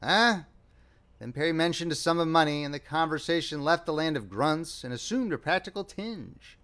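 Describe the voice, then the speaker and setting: A man narrating a classic short story as an audiobook reader, with a wry, expressive delivery. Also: a little high, a little fast. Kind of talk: scripted narration.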